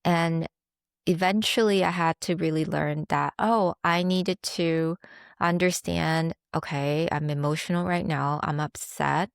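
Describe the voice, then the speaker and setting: A woman's voice: low-pitched, steady tone, unhurried, vocal fry, clean tone, no room sound, studio quality. A young adult woman hosting a podcast, talking candidly and reflectively about her own experience, with small laughs along the way. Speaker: podcast host. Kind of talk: candid personal monologue.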